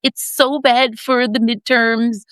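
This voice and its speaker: Woman mocking a fearful politician: slow, whiny, begging, high-ish. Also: little pitch movement, fairly bright tone, no echo. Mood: pleading. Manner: slow, begging, drawn-out whine. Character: pleading timid establishment politician.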